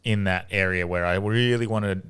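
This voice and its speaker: A man hosting a podcast in casual chat, laid-back and quick to agree. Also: sits low, fairly even intonation, fairly bright tone, smooth. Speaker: podcast host.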